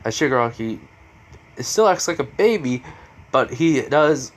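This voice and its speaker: A man's voice: mid-range voice, animated, unhurried. A man casually retelling a fan story, rambling with lots of fillers and restarts.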